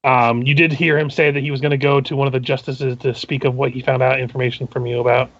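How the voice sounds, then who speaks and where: A man serving as game master who narrates a tabletop game, describing scenes in a halting, methodical way. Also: mid-range voice, little pitch movement, creaky, fairly bright tone, no room sound, highs cut off.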